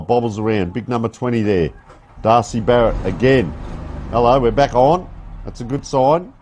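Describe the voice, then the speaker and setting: Male commentator, folksy live play-by-play, slightly high voice, faint outdoor noise behind. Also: darkish tone. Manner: chatty, folksy play-by-play with asides. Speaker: sports commentator. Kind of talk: live local football commentary. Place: outdoor football ground.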